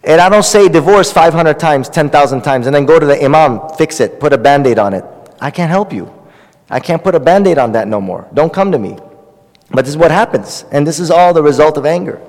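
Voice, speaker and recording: A man's voice: fairly high pitch, expressive, brisk, a little mellow. A man giving an earnest Islamic lecture as an imam, repeating and restarting phrases and weaving in Arabic terms. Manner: earnest, repetitive, frequent restarts and fillers, Arabic terms woven in. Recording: reverberant hall.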